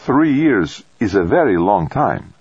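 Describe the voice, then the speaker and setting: A man voicing a calm older priest with a gentle, soft voice and an Italian accent, in an audiobook reading. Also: lowish voice, a little slow, husky, no echo, dull audio, pitched above the performer's own voice, heavily acted.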